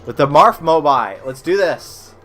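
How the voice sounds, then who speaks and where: An American man casually commenting while playing old browser games for his stream chat, swearing and reacting loudly as he plays. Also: fairly high pitch, expressive, a little slow, soft background music. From United States.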